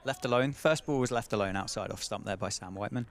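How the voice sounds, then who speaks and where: A play-by-play cricket commentator with a lowish voice speaks quickly, chatting through each ball live and frequently quizzing his co-commentator.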